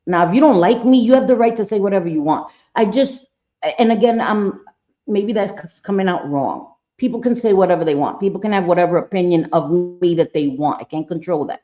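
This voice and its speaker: A woman's voice: medium pitch, a little fast, mellow, dull audio. A middle-aged woman hosting a casual livestream, chatting bluntly with viewers, cursing freely and often trailing off mid-thought. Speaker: livestream host.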